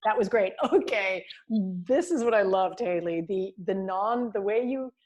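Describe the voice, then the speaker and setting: A woman's voice: mid-range voice, unhurried. Woman teacher giving upbeat class feedback. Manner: warm praise, frequent fillers and laughs. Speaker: voice and diction teacher. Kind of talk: class feedback over video call. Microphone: video call.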